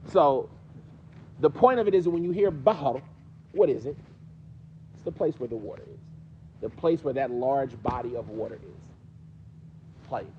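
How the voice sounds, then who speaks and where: A man's voice: medium pitch, measured pace, pauses often, muffled recording, a little hiss or hum. A man with a New York accent teaching a mosque class, questioning his students in a conversational way. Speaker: teacher explaining hadith.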